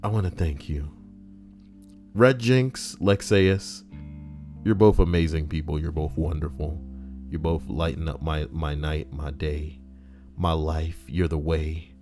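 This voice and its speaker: A man live-streaming, reading out stories and donations in casual, profane banter that jumps between mumbling and loud outbursts. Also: extremely low pitch, steady tone, measured pace, faint music behind.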